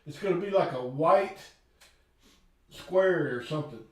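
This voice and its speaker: A man's voice: fairly high pitch, measured pace, darkish tone. A man with a Texan accent, chiming in on a casual live stream in a laid-back way. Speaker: paranormal investigator co-host. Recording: very echoey, distant from the mic.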